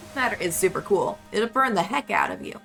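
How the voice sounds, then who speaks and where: A woman voicing an excited young alien child with a put-on Southern accent, reading game dialogue aloud with eager, gushing delivery. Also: mid-range voice, brisk, gravelly, faint music behind, rough recording. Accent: put-on American Southern. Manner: eager, gushing, stumbles over words.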